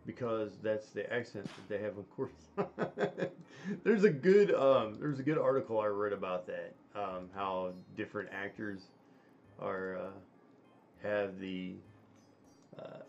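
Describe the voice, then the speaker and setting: Man, low voice, casual rambling chat, lo-fi stream sound, faint hiss. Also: a little mellow. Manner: rambling, halting with many fillers. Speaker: stream host.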